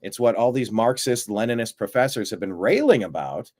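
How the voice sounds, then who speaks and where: A man hosting a live-streamed political commentary show, talking in an animated way with sarcastic asides and frequent fillers. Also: medium pitch, fairly quick. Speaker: host of a political news show.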